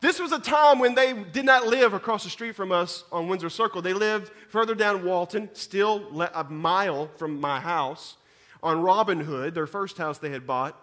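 A man, preaching a sermon that moves between scripture reading, prayer and lively storytelling, often repeating words as he goes. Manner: animated storyteller, repeats words, rises in pitch and volume at dramatic moments. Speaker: pastor.

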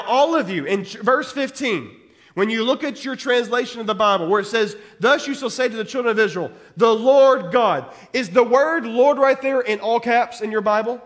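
A male pastor with a notably high voice teaches from scripture, reading verses aloud and explaining them point by point. He keeps checking in with "okay?" as he goes. His voice carries a long reverb, like a big room. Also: a bit bright. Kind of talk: sermon.

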